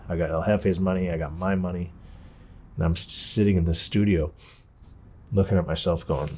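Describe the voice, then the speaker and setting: Low-voiced man telling a wild story. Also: a little hiss or hum. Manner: profane, animated, acts out quotes. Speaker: interviewee. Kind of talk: candid storytelling.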